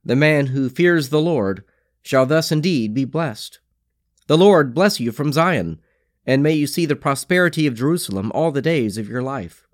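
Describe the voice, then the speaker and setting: A man reading scripture aloud in a slow, measured liturgical style, pausing phrase by phrase. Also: medium pitch, animated, dry recording, studio quality. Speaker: scripture reader.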